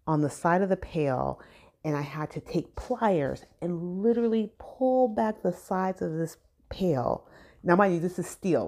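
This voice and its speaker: Chatty Southern California woman, low voice, casual storytelling, plays out quotes. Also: darkish tone. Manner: chatty, acts out quoted dialogue. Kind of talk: casual personal anecdote.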